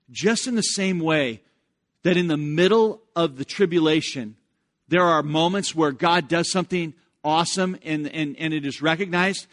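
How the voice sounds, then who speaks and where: Fervent pastor, higher voice. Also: male voice. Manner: repeats words when starting a phrase, rises loud on scripture reading. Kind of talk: sermon.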